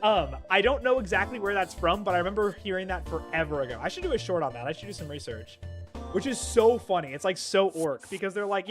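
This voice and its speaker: A young man with a fairly high voice talks his way through a game on a live stream. He is chatty and excitable, jumping from loud bursts to quiet mutters, with music playing underneath. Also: fast. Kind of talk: live gameplay commentary.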